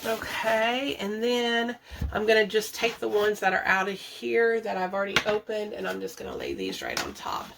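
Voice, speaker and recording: Direct: chatty woman tidying her bathroom, gravelly edge. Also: medium pitch, sing-song, moderate pace, background noise. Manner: chatty, laughs often, thinks aloud. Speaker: budget and declutter vlogger. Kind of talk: casual chatty vlog, talking to viewers while organizing. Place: home bathroom. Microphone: camera set up nearby, moved around.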